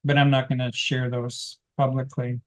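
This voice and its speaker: A man's voice: mid-range voice, flat delivery, moderate pace. A man teaching a class, sharing his spiritual experiences in an earnest, rambling storytelling way with frequent restarts. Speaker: guest speaker teaching a class. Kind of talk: personal spiritual testimony.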